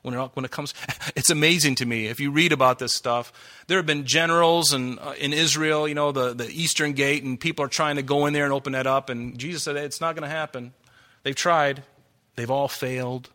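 Fired-up preacher man, bright voice. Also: mid-range voice, steady tone, a little fast. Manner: fervent preaching, worked up, with laughs and asides. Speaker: pastor. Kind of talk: sermon. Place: church hall before a congregation.

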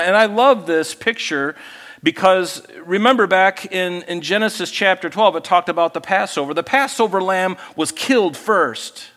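Pastor guy preaching casual, keeps asking the crowd questions, kinda high voice, big echoey hall. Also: fairly bright tone. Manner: conversational, asks the congregation questions and acts out voices. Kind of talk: sermon.

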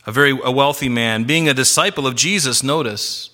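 Male pastor, bright forceful tone, preaching with slow emphatic stresses. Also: medium pitch. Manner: emphatic, varies loudness and slows for stress. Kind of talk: sermon.

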